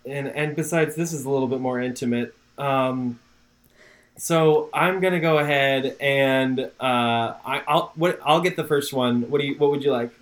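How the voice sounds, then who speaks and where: A young man playing his character in a tabletop game, eager, stumbling over words and quick to laugh. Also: medium pitch. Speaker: player. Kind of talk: in-character tabletop role-play.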